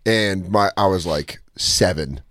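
A man co-hosting a casual podcast, telling animated stories, swearing freely and laughing often. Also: slow, no room sound, studio quality. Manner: animated storyteller, jumps into high put-on voices when quoting people. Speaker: podcast co-host. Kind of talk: casual chat.

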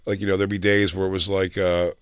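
Rambling man with a low voice. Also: flat delivery, quick pace, smooth, dry recording. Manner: rambling storyteller, acts out quotes. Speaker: co-host. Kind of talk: casual comedic chat. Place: radio studio.

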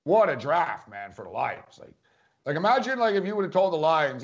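A man argues on a sports podcast in a high, emphatic voice. He keeps repeating his points as if he can't believe them. The sound is dull and lo-fi. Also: very animated, fairly quick. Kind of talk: casual sports debate.

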